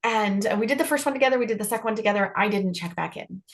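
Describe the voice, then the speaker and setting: A woman co-hosting a leadership podcast, telling a story in a lively way and acting out the dialogue in it. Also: mid-range voice, very fast. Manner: animated storyteller, acts out quoted dialogue, repeats herself. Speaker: podcast co-host, leadership trainer. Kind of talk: casual conversation, storytelling.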